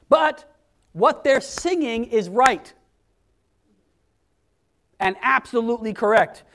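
A man preaching a conversational sermon, acting out quoted voices in an animated way. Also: very high voice, slow pace, gravelly, pauses often.

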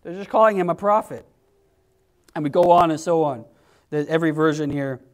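A man preaching a conversational sermon, acting out quoted voices in an animated way. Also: on the high side, a little fast.

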